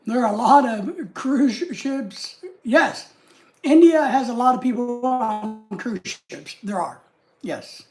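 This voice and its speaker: A man's voice: very high-pitched, slow, faint music behind. An American man hosting a livestream, chatting casually and reading out and greeting viewer comments from his home desk. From United States. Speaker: livestream host. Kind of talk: casual live chat.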